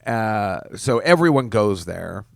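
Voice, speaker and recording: A podcast host with a voice on the low side talks slowly, with big pitch swings and vocal fry, in a recording without echo. In this casual solo chat he rambles through stories, interrupting himself and chuckling often.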